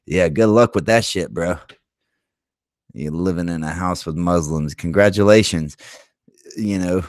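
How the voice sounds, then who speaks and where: A man's voice: low-pitched, measured pace, no room sound, studio quality. A man hosting a livestream in casual, crude chat, swearing and laughing often. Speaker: livestream host.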